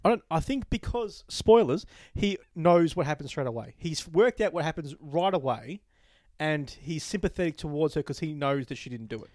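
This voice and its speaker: A man's voice: on the high side, expressive, moderate pace, few pauses, darkish tone, no room sound, clean studio sound. A man co-hosting a casual movie-review podcast, eager and chatty, telling stories with quoted asides. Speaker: podcast co-host.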